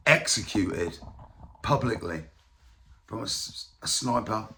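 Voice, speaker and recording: A man's voice: lowish voice, lively intonation, slow pace, vocal fry, sharp tone, a little hiss or hum. A man from the UK giving casual, profane, rambling political commentary as a vlogger. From United Kingdom.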